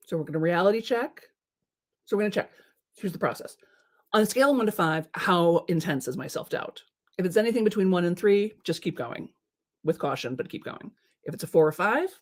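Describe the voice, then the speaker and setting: A woman host giving casual motivational advice in a chatty, lively way, full of filler words and small laughs. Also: on the low side.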